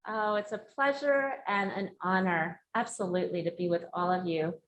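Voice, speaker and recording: A woman's voice: mid-range voice, moderate pace. A woman speaker and career coach giving a live talk and answering audience questions in an earnest, emphatic way. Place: event room before a live audience. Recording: echoey room, faint noise.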